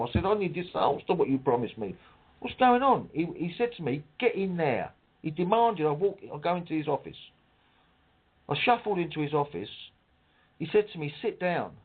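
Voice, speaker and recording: A man's voice: fairly high pitch, husky. A middle-aged man, telling his story emotionally with restarts and acting out the exchanges. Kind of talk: casual personal account. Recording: tinny phone line.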